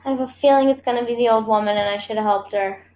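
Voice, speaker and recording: A woman playing a tabletop game, answering with quick reactions. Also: on the high side, fairly even intonation, darkish tone. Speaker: player. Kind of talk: casual tabletop game play. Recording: echoey room.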